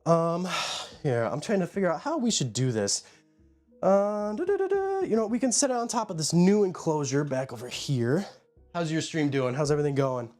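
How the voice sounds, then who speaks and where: He's a live streamer at home showing his pet enclosures, chatting in a rambling, casual way and calling out viewers by name. His fairly high, darkish voice is expressive and moderately paced, with faint music in the background.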